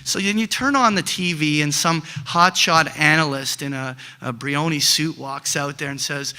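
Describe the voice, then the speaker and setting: A middle-aged man teaching options trading, telling animated stories with many fillers and restarts. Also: a little high, normal speed, hardly any pauses, smooth. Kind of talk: lecture with acted examples.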